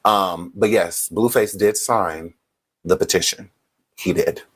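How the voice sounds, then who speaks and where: A man's voice: sits low, slow pace, breathy edge. A man hosting a casual livestream, speaking straight to his viewers and often checking in with "okay?". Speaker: livestream host.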